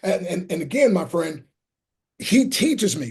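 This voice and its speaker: A man's voice: high voice, very animated, measured pace, creaky, darkish tone, breathy edge. A middle-aged man, a motivational speaker and interview guest, who talks with fervent, preacherly emphasis and often quotes scripture. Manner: fervent, quotes scripture, calls the host "my friend". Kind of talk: preaching-style interview talk.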